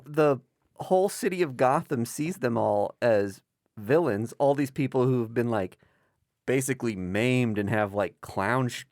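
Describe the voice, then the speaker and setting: A man's voice: medium pitch, a little slow, a little mellow, dry recording, clean studio sound. A man co-hosting a podcast, chatting casually and jokingly about comics, swearing now and then. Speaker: podcast co-host.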